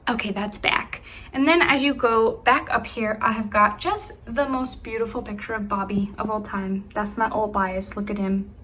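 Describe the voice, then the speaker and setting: A woman's voice: medium pitch, steady tone, moderate pace, bright, forceful tone, slight background noise. A young woman giving a casual room tour of her collection at home, bubbly and gushing, laughing often. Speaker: vlogger showing her collection.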